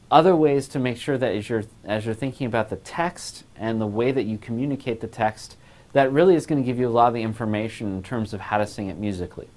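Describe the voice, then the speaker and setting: A man's voice: on the low side, a little mellow. A man teaching a voice class, explaining phrasing and breaking into short sung examples. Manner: explains clearly, sings short demonstration phrases. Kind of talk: recorded music lesson.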